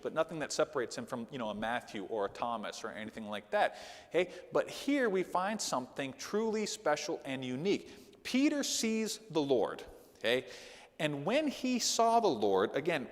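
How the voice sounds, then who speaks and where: A man gives a Sunday school lesson in the loose, conversational style of a sermon. His voice sits a little high and swings widely in pitch as he tells his stories. The sound carries a long reverb from the church hall. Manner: animated, conversational, with frequent "okay?" asides.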